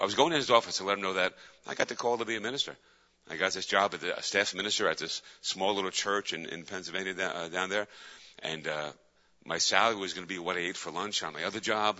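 A pastor with a piercing, very bright voice preaches with emphatic repetition. His voice rings through a reverberant hall, and the recording sounds dull and lo-fi. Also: sits low. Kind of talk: sermon.

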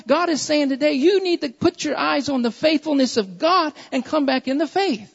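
Woman preacher, high voice, fervent and repetitive, dull recording from a church hall. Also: expressive, moderate pace, creaky. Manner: impassioned, repeats lines for emphasis. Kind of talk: sermon.

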